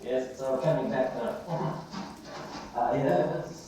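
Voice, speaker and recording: An actor playing a bumbling, self-important police inspector who speaks slowly and grandly, heard as a film clip. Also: male voice, mid-range voice, warm tone, a little hiss or hum, lightly acted. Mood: smug. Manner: slow, self-important, drawn-out. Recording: roomy film clip with audience laughter.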